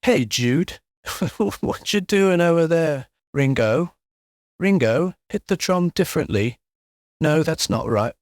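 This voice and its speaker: A man's voice: a little high, lively intonation, slow pace, a little mellow, dry recording, clean studio sound, pitched above the performer's own voice. A man putting on a clumsy mock Liverpool accent as a chummy musician character. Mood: goofy. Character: jokey middle-aged Liverpool musician, chummy.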